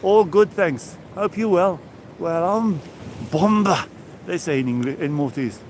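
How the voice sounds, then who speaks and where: A man's voice: a little high, lively intonation, normal speed, a little mellow. Guy in his 60s from england rambling to his live viewers while walking the seafront, traffic noise behind. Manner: chatty, rambling, greets viewers by name. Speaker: vlogger live-streaming a walk. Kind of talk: casual chat to live viewers. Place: outdoors on a seaside promenade, walking.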